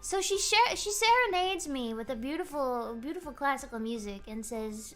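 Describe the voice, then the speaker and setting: High lively young woman streamer. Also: normal speed, hardly any pauses, soft background music. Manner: animated, giggly, rambling storytelling. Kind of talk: casual chat. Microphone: streaming microphone.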